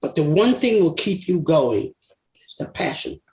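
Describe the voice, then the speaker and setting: A man's voice: on the high side, unhurried. An older man spins stories from a long career, laughing often and acting out the voices of the people in them. His voice carries a roomy echo from the space around him. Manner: animated storyteller, laughs often, acts out voices. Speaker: guest singer. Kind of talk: storytelling interview.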